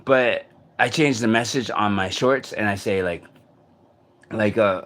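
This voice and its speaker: A man talking to camera in a casual vlog monologue, outdoors in a city park, in a halting, searching way with many restarts. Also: lowish voice, fairly bright tone. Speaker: vlogger.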